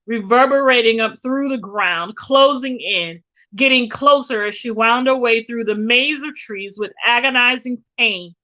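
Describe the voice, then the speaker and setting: A woman reading a novel aloud with expressive, dramatic storytelling. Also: on the high side, low-quality recording. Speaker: reader.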